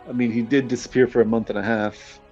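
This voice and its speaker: A man's voice: medium pitch, little pitch movement, fast, a little mellow, slightly rough, lo-fi sound, faint music behind. A man casually playing a tabletop game, friendly and asking to clarify things. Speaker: player.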